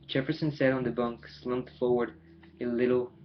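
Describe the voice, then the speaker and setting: Man reading a novel in a flat voice. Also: medium pitch, normal speed. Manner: plain, careful reading with small stumbles. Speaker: audiobook reader. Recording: dull lo-fi home recording with faint hiss.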